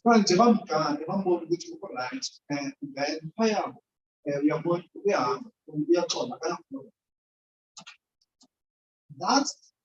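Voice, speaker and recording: A woman's voice: mid-range voice, a little mellow. A woman holds an informal, sermon-style talk, regularly checking in with the congregation. She sounds distant from the microphone in a reverberant church, with a slightly muffled recording and a faint background hiss. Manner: chatty, keeps quizzing the congregation. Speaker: church speaker. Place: church hall.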